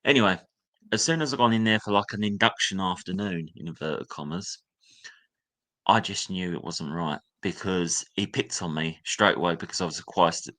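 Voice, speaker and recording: A young man recounts his schooldays in a candid, storytelling way. His voice sits fairly low but sounds bright and forward. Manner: candid, reliving memories, acts out a teacher's sneering voice. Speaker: guest. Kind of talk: personal storytelling.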